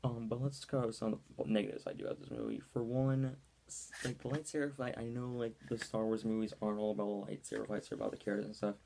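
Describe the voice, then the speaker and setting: Casual, rambling video review from a low, gravelly young man. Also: lively intonation, fast, mellow, slight background noise. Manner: rambling, with many ums and likes. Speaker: movie reviewer.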